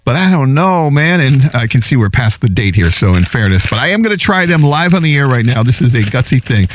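A man's voice: brisk, slight background noise. A man hosting a show, talking casually to listeners and laughing often while eating chips. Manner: chatty, laughs often, lively pitch swings. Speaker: show host.

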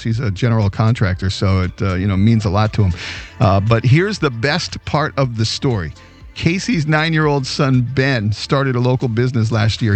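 A man hosting a radio show, telling a story in a casual, animated way. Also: medium pitch.

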